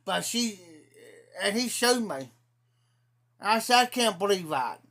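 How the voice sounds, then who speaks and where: Man, Ohio accent, slow drawl, rambling indignant storyteller, casual stream talk. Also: sits high, lively intonation, pushed and bright. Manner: drawling, slow-paced delivery. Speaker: livestreamer.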